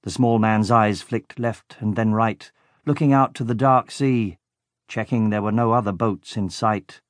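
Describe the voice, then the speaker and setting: A man narrating a children's audiobook in a lively, expressive way. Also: on the low side, unhurried, no room sound, clean studio sound.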